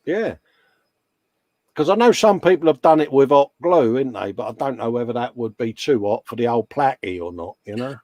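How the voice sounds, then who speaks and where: Co-hosting a relaxed livestream, this man banters, yawns, and calls everyone mate in a chatty way. His voice has medium pitch, lively intonation, normal speed, and a dark tone, recorded with no room sound.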